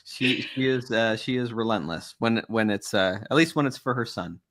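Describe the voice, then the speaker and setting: A man hosting a podcast, talking in a halting way with many restarts. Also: mid-range voice, a bit bright. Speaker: podcast host. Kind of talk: casual podcast chat.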